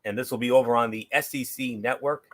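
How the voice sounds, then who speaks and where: Even-voiced man running sports picks. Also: mid-range voice, fast. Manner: plain, steady game rundown with fillers. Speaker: show host. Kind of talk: casual sports picks chat.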